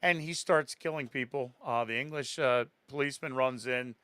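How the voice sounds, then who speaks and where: A man's voice: mid-range voice, normal speed, clean tone, no room sound. A man co-hosting a podcast, chatting casually about a horror film and laughing as he acts out lines. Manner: laughing, animated retelling with acted-out quotes. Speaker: podcast co-host. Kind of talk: casual chat.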